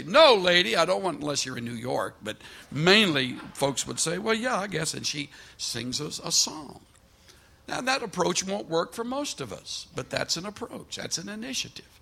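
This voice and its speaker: A man preaching a sermon, telling stories in lively fashion and acting out the people he quotes. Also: on the high side, vocal fry, husky. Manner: animated storytelling with quoted voices and restarts; preaches from a scripture passage. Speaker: pastor.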